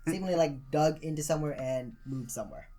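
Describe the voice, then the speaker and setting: A man narrating and ruling as game master in a tabletop game, pausing with fillers. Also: on the high side, warm tone, a little hiss or hum. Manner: hesitant, lots of fillers while ruling.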